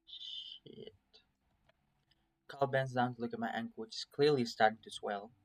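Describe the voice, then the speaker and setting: A man's voice: mid-range voice, fairly even intonation, quick pace, no echo. Man narrating a visual novel. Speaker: story reader.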